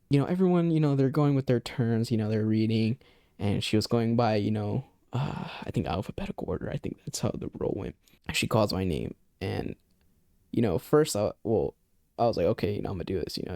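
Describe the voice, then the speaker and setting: A man's voice: fairly low pitch, lively intonation, a little fast, warm tone, no echo, studio quality. A young man telling a personal story in a loose, rambling way, swearing often and leaning on filler phrases. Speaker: vlogger. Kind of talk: casual storytime.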